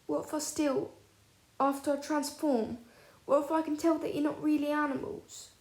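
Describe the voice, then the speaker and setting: A woman's voice: high-pitched, little pitch movement, normal speed, a little mellow, reverberant, voice pushed up, natural voice. A woman voicing a wary, self-conscious teenage schoolboy who is a werewolf. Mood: anxious. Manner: wary, hesitant.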